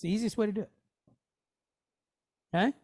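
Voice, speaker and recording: A man teaching a Hebrew lesson in a relaxed, conversational way, often checking in with his listeners. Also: high voice, brisk, dry recording, clean studio sound. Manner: conversational, checks in often with "okay?" and "you know". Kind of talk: casual teaching, explaining on screen.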